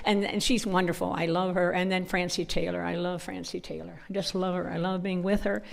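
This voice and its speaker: A woman's voice: fairly low pitch, little pitch movement, brisk, vocal fry. A woman with a northern US accent speaking at a church conference. She tells personal stories in a chatty, informal way and often breaks into laughter. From northern United States. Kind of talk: personal storytelling talk.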